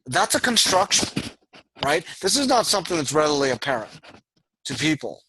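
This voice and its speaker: A man's voice: fairly high pitch, big pitch swings, moderate pace, sharp tone, slight background noise, low-quality recording. A man lecturing an online university class in a discursive way, with frequent fillers and restarts.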